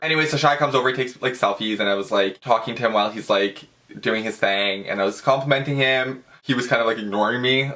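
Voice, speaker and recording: A man's voice: medium pitch, fast. A young man telling a story in a casual vlog, gushing and chatty, calling his viewers "girl" and dropping "like" into every line. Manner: dramatic, excitable fan. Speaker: vlogger.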